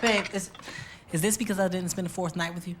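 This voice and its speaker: A man's voice: high-pitched, steady tone, fast talker, heavy background noise, lightly acted. An actor in his twenties playing an indecisive young boyfriend who stammers and hesitates nervously in a sitcom. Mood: flustered. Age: 20s. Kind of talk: sitcom acting.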